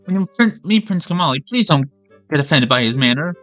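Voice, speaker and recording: A man's voice: on the high side, animated, fairly quick, fairly bright tone, soft background music. A man voicing a young, eager female bird-folk attendant who talks in an earnest, helpful and slightly flustered way. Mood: polite.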